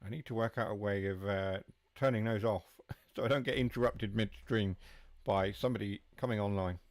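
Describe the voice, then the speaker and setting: Low, dry-sounding male streamer, easygoing live commentary that drifts into replies to the chat. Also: normal speed, no room sound. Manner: chatty, answers chat while driving. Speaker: game streamer.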